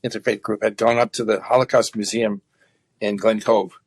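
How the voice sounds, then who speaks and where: A man speaking earnestly in a conversational interview, often halting with fillers and restarts. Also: lowish voice, flat delivery, husky, no echo. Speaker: guest activist.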